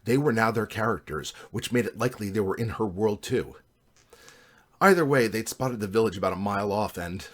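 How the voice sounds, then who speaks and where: A man, the author, reading an excerpt of his fantasy novel in an even, measured way. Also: fairly low pitch, slightly rough. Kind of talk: book reading.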